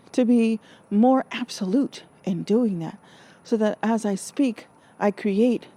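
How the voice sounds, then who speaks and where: A woman from Alaska delivers an earnest, reflective spiritual monologue in a warm, medium-pitched voice. She often rephrases herself and acts out the voices of the people she quotes.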